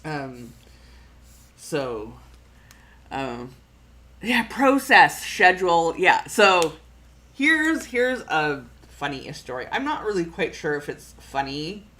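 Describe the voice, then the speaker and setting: A woman's voice: sits low, big pitch swings, takes it slowly, a bit bright. A middle-aged Canadian woman with a Canadian accent, hosting a planning livestream in a casual, rambling chat full of fillers and restarts.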